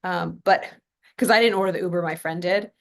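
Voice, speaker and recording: Chatty woman from California, slightly low voice. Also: a little fast, gravelly. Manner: chatty storytelling, many fillers and asides. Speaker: podcast host. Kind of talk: casual motivational talk.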